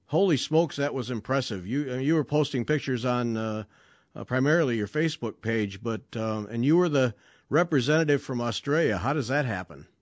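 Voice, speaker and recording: A man's voice: medium pitch, fairly quick, no echo, clean studio sound. Chatty male podcast host. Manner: chatty, jokey, with fillers and restarts. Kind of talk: casual podcast interview.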